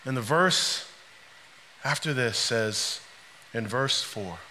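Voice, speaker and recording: A man preaching a sermon, swinging between soft, quiet passages and shouted climaxes. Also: mid-range voice, animated, slow, in a large hall, a little hiss or hum. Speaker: pastor.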